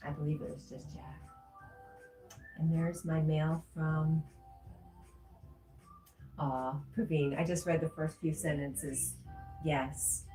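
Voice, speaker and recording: Woman streamer, mellow low voice, casual comment-reading host, often laughing. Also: steady tone, takes it slowly, long pauses. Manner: chatty, laughs often, reads chat aloud. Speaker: livestream host. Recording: roomy echo with faint music.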